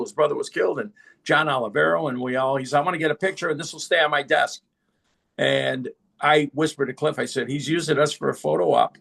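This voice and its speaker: A middle-aged man appears as a podcast guest, telling stories in a relaxed, lively manner and imitating the voices of the people he quotes. His voice is mid-range with a creaky edge.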